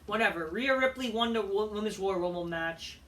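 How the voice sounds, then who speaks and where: A man's voice: high-pitched, a little fast, fairly bright tone, distant mic, a little hiss or hum. A man ranting through a profane, exasperated video review of a wrestling show.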